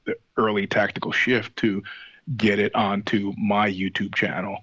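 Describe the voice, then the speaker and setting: A man's voice: lowish voice, flat delivery, measured pace, pushed and bright, husky, no echo, dull audio. A man in casual conversation, telling stories in a rambling, profane way with many restarts. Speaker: podcast guest, singer and show host. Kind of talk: casual chat.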